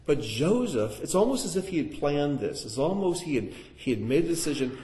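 A man's voice: a little high, moderate pace, hardly any pauses. A man teaching a Bible lesson to a live audience in sermon style, putting questions to the listeners. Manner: animated, asks the audience questions. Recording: echoey room.

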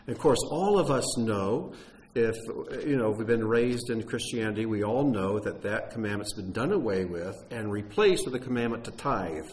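A man's voice: on the low side, animated, moderate pace, darkish tone, slight background noise. A man giving an earnest, emphatic sermon teaching, with some wry humor and frequent fillers and restarts. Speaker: teacher of a Messianic congregation.

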